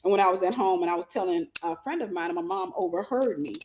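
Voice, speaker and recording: A woman's voice: lowish voice, fast, a little hiss or hum. Woman ministry host rambling thru a wild story, laughs a lot, casual slangy talk. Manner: animated, bursts into laughter, vernacular. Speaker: ministry host giving dating advice.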